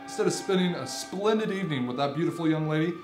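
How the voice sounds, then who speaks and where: A man's voice: a little high, lively intonation, quick pace, reverberant, music in the background, natural voice. A man playing a hapless werewolf who complains about his troubles. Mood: griping.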